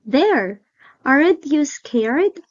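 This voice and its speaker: Give me a timid tiny monster kid with a squeaky high voice, done by a woman in a storybook reading. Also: big pitch swings, drawn-out words, dull audio, full character voice. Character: tiny scared little monster cub, male.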